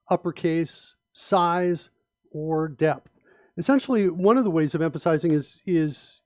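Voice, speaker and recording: A middle-aged man with a notably high voice presents a design talk from his slides. He speaks in a relaxed, conversational way, filling pauses with ums and uhs. The recording is dry and close. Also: no echo. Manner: relaxed, conversational, many fillers.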